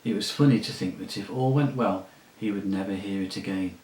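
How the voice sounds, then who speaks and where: A man narrating a story aloud in a calm, measured reading. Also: on the low side, echoey room, rough recording. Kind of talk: audiobook reading.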